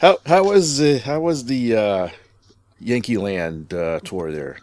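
A man's voice: mid-range voice, slow pace, darkish tone, dry recording. A man hosting a hobby podcast, opening with playful, jokey introductions in casual chat. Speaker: podcast host.

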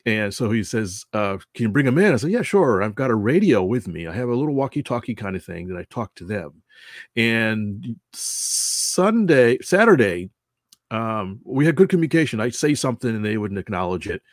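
A man's voice: lowish voice, big pitch swings, normal speed, no echo, clean studio sound. Man telling a rambling story. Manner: rambling, self-correcting, chuckling. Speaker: announcer at a model airplane show. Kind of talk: casual storytelling.

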